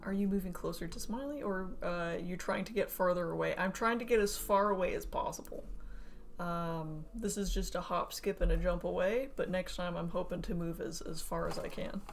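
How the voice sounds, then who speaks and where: A woman's voice: fairly low pitch, normal speed, gravelly, slight background noise. Chatty young woman streaming a build. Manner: chatty, joking, laughs often. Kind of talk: casual chat while building model kits.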